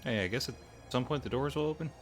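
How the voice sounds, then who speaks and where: A man's voice: medium pitch, fast talker, music in the background. A man giving casual gameplay commentary, reading in-game text aloud and stumbling over hard words. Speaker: game streamer.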